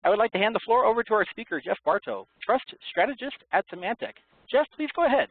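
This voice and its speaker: Male webcast moderator, formal announcer, bright lively voice, tinny phone sound. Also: sits high, quick pace, breathy edge, dry recording. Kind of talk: formal introduction. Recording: dry, tinny phone-line audio.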